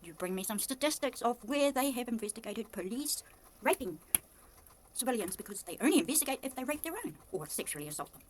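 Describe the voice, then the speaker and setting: A woman with a New Zealand accent speaking in an impassioned, accusatory monologue to camera. She swings from low muttering to loud, heated outbursts. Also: lively intonation, fast talker, slight background noise. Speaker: vlogger.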